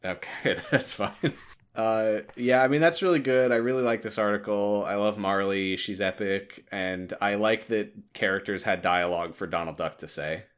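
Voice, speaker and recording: Joking low-voiced man on a podcast. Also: fairly even intonation, normal speed, smooth. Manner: joking, sarcastic. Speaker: podcast co-host. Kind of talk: casual chat, reading fan fiction aloud.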